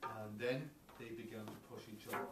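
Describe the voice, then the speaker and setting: A man's voice: fairly low pitch, steady tone, fairly quick, loud music behind the voice. A man with an Irish accent telling a story to preschoolers in a playful, exclamatory way, asking them questions as he goes. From Ireland. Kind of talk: animated storytelling for children. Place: preschool classroom. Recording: roomy, far from the mic, noisy.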